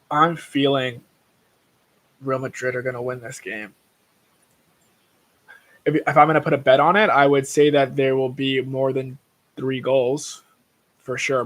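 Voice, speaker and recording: A young man hosting a casual livestream, rambling through tangents about sports bets and swearing freely. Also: mid-range voice. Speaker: livestream host.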